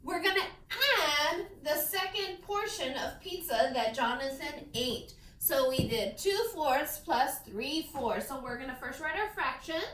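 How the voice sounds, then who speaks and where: A woman's voice: high-pitched, a bit bright, a little hiss or hum. A woman teacher leading a classroom lesson, asking questions and encouraging her pupils. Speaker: elementary school teacher. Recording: echoey classroom, mic far off.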